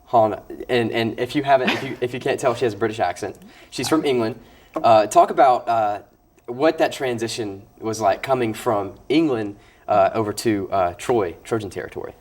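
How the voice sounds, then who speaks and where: A man's voice: mid-range voice, normal speed. A young man hosting a college sports interview show, talking in a chatty way and often restarting his sentences. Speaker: host.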